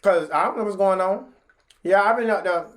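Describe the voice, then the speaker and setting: A woman telling a story in a casual vlog, chatty and slangy, talking straight to her viewers. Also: normal speed. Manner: animated, jumps into high pitch when acting out what people said.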